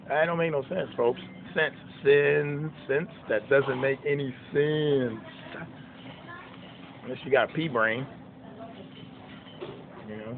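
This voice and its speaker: A man's voice: mid-range voice, phone-quality sound, slight background noise. A man in his fifties preaching in an informal, emphatic way, full of folksy rhetorical questions. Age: 50s. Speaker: preacher and songwriter.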